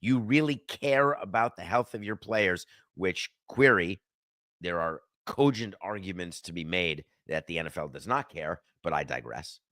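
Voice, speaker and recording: A man's voice: low-pitched, lively intonation, moderate pace, a bit bright, no room sound, studio quality. A middle-aged man hosting a sports podcast, delivering an emphatic, sardonic opinion monologue and arguing with himself. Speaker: podcast host.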